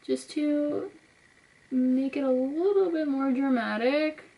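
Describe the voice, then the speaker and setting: A young woman with a fairly high voice, chatting casually to her viewers. She talks through each makeup step as she goes, easygoing and conversational. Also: slow, dark tone, rough recording. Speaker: beauty vlogger. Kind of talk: casual makeup tutorial talk.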